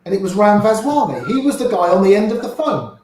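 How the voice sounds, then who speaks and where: An older poker player spins long anecdotes, voicing the people he quotes in quick little voices like an animated raconteur. His voice sits a bit high for a man and sounds boomy and echoey, as if in a big hard room, with slight background noise.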